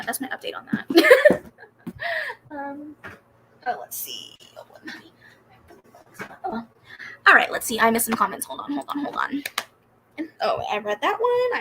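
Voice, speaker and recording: A woman's voice: fairly high pitch, sharp tone, slight background noise, low-quality recording. A young woman hosting a casual reading livestream, chatting animatedly and giggling as she answers comments. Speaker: booktube livestream host. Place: home room with a fan running.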